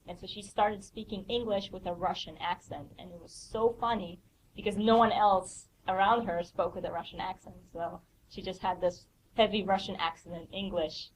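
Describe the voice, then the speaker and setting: A woman asking questions in a relaxed, casual way during an academic office hour. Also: lowish voice, normal speed, a little hiss or hum, rough recording. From grew up in the United States after moving there as a child. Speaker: student or teaching assistant asking questions.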